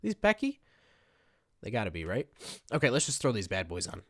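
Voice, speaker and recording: A chatty man rambling through casual gameplay commentary, poking fun at himself as he goes. His pitch bounces up and down a lot as he talks. The sound is dry and close, with no room echo. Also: huge pitch swings, brisk, fairly bright tone. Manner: rambling, chatty, self-mocking. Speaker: gaming video creator.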